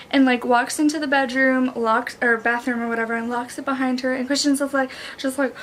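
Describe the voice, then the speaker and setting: A young woman excitedly recapping a plot in a casual vlog, saying "like" a lot. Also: high voice, brisk, slight background noise. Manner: excitable, heavy use of "like". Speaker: book and movie reviewer.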